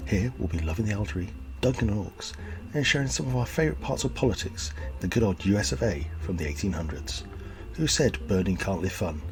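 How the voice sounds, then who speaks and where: Deep-voiced man hosting a comedy podcast. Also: lively intonation, a little fast. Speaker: podcast host.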